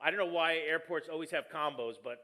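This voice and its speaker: A man's voice: fairly high pitch, fast, sharp tone. A man preaching a conversational sermon as pastor, telling stories with jokes and poking fun at himself. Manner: joking, storytelling, self-deprecating.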